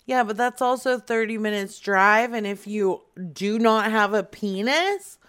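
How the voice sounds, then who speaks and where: A woman's voice: medium pitch, measured pace, fairly bright tone, clean tone. A young adult woman making a prank phone call, brash and teasing, laughing often. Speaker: prank caller.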